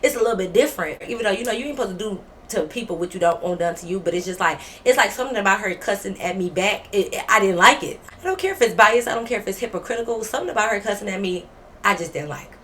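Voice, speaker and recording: A woman vlogger telling a story, animated, blunt and full of profanity. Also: medium pitch, quick pace, a little hiss or hum. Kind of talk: storytime vlog.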